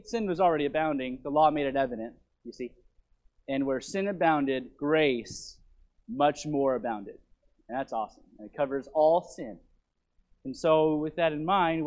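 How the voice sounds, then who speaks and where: A man preaching a sermon in a church, reading scripture with heavy emphasis and dropping to quick, quiet asides. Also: fairly high pitch. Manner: emphatic, slowing to stress scripture words. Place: church sanctuary.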